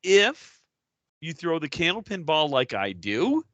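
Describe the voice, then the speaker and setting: A man's voice: on the high side, very animated, measured pace, fairly bright tone, no echo, highs cut off. A man co-hosting a podcast, bantering casually in an exasperated, joking way. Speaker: podcast co-host.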